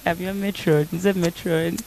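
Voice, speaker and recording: Woman, young adult, Ugandan accent, soft-spoken, emotional press conference speech, frequent laughter. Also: on the low side, fairly even intonation, unhurried, noisy background. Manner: switches between English and Luganda, soft, laughs often. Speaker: singer thanking guests.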